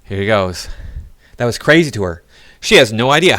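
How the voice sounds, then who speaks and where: A man's voice: fairly low pitch, very animated, normal speed, sharp tone, no echo. A man giving sarcastic, mocking commentary on video clips. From United States. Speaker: reaction commentator. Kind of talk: critical commentary over clips.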